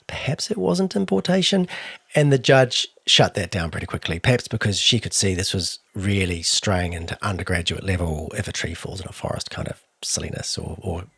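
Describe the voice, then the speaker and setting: A man's voice: low voice, expressive, brisk, gravelly, a bit bright, slightly rough, dry recording. A man with a New Zealand accent co-hosting a true crime podcast, telling the story with dry, wry asides. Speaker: podcast co-host.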